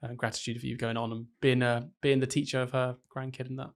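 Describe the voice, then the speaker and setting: A man's voice: mid-range voice, level tone, fast. A young man hosting a casual podcast, joking and teasing his co-host.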